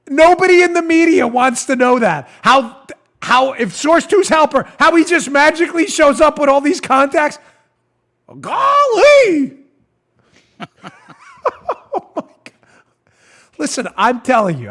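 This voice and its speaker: A man in his forties hosting a political talk show, mocking and animated, often breaking into laughter. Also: very high voice. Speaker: host.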